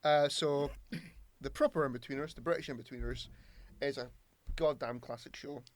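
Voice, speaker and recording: A man's voice: medium pitch, normal speed. A man co-hosting a podcast, chatting casually in an emphatic, teasing way. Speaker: podcast co-host. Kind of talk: casual chat.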